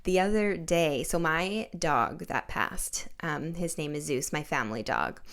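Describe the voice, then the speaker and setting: A woman's voice: sits low, animated, a little slow, a bit bright. A young woman hosting a casual interview podcast, telling personal stories in a chatty way full of likes and you-knows. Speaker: podcast host.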